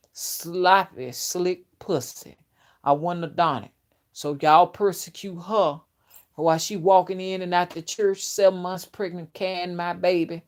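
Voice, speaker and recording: A woman's voice: on the low side, darkish tone, lightly acted. A woman mimicking a lustful, self-excusing male preacher who talks in crude, graphic terms.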